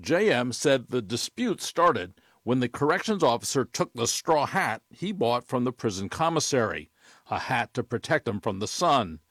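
A man reporting as an investigations correspondent, reading a scripted news report in a measured, even way. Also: medium pitch, no echo. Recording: dry studio voice.

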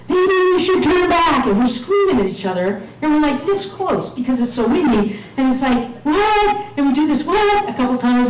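A woman's voice: on the high side, darkish tone, slight background noise. A woman telling a self-mocking personal story to an audience, sometimes acting out the voices of others. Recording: echoey room, mic at a distance.

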